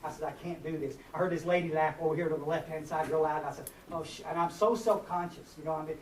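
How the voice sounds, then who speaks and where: A man's voice: a little high, fairly even intonation, fast. A man with a drawl in his forties, giving a rambling, self-mocking personal talk to a recovery meeting, with many fillers and restarts. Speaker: speaker at a recovery workshop. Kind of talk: personal share to a live group. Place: meeting hall. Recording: echoey room, far from mic, noisy.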